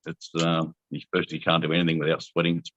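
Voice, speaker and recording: A man's voice: a bass voice, completely flat delivery, fast, fairly bright tone, no echo, muffled recording. A middle-aged Australian man hosting a casual video chat, easygoing and chuckling. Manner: easygoing, laid-back, chuckling. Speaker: host.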